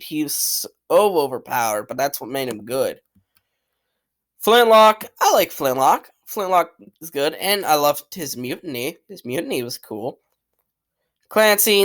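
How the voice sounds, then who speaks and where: A man's voice: on the high side, fairly bright tone. A man giving casual, opinionated commentary as a channel host, blunt and rambling, swearing freely and repeating himself. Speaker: channel host ranking cartoon characters.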